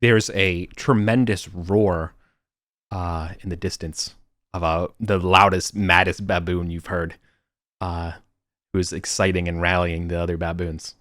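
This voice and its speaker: A man narrating as game master over a voice call, halting and full of fillers. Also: low voice, steady tone, fairly bright tone, no echo, studio quality. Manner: halting, many fillers and restarts. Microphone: computer mic on voice call.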